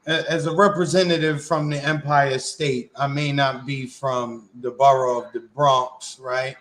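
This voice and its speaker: A man from Queens, co-hosting a political podcast in a blunt, profane, animated way. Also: mid-range voice, unhurried, low-quality recording. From Queens, New York. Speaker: co-host. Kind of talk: casual political podcast chat.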